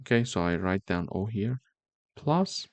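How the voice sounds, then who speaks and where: Slow, deliberate male coding tutor. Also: fairly low pitch, lively intonation, dry recording. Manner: slow, step-by-step explaining with repeated "okay?" checks. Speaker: programming teacher. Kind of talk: screen-recorded coding tutorial.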